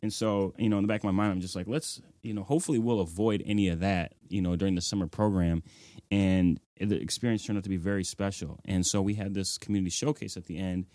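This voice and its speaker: A man's voice: deep voice, steady tone, quick pace, warm tone, dry recording, studio quality. A young man, the guest of an interview, telling personal stories earnestly and filling his speech with "like" and "you know". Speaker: nonprofit executive director, guest. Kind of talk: reflective interview storytelling.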